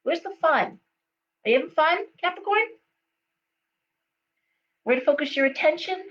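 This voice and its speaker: A woman's voice: high voice, animated, normal speed, fairly bright tone. A middle-aged woman giving a live tarot reading, chatty and storytelling, with frequent okays and ums. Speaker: tarot reader. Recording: dull lo-fi sound with faint hum.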